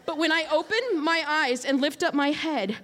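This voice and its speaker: A woman in her twenties telling a funny personal story in an animated, self-mocking way, acting out voices with sudden loud bursts. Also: high-pitched, moderate pace. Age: 20s. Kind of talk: personal story, stand-up style.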